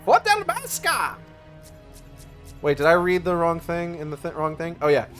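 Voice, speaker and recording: A man's voice: fairly high pitch, little pitch movement, brisk, a bit bright, faint music behind. A man streaming a game, making profane, jokey asides. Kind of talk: livestream gameplay commentary.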